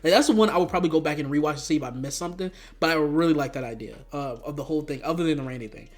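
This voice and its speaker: Young male reviewer, slangy and loose, fairly high voice, spikes up in disbelief. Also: rapid-fire. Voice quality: profane, animated, slangy, jumps to high-pitched outbursts. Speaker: YouTube movie reviewer. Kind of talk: casual rambling review.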